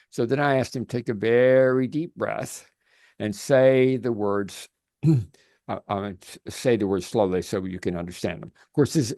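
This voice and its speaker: A man coaching on a video call, telling stories in an animated way and often restarting his sentences. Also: fairly low pitch, dry recording, clean studio sound. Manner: animated storytelling with frequent restarts. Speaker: life coach.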